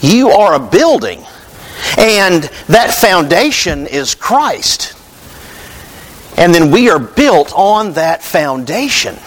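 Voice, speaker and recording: A man's voice: sits high, sing-song, slow, low-quality recording. A man preaching a sermon in a conversational, storytelling way, calling out to his congregation. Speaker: pastor.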